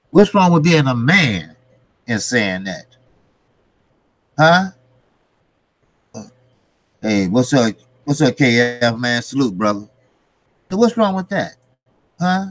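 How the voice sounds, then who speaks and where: Brief: male commentary host, unhurried, blunt profane rant, dry close sound. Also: a little high, fairly bright tone, no echo. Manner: blunt, profane, repeats rhetorical questions. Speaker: boxing commentary channel host. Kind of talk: casual ranting commentary.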